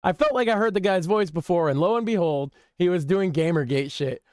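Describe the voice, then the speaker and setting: A man's voice: sits high, fairly quick, a little mellow, no echo, clean studio sound. A man hosting a casual commentary stream, reading forum posts with wry, offhand remarks. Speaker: stream host.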